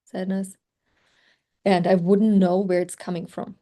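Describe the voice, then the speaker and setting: On a casual group video call, a coach speaks in a medium-pitched, level, dark voice without hurrying. She is chatty and reflective and uses many "like" fillers. Her native language is German.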